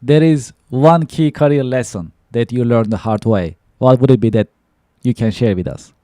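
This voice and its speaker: A man's voice: medium pitch, moderate pace, dark tone, no room sound, clean studio sound. A man hosting a podcast, asking questions and laughing along with his guest. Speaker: podcast host. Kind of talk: interview questions.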